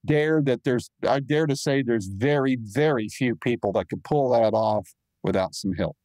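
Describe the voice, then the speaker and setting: A male interview host chatting casually and relaxed, with everyday fillers. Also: mid-range voice, moderate pace, dry recording, poor audio.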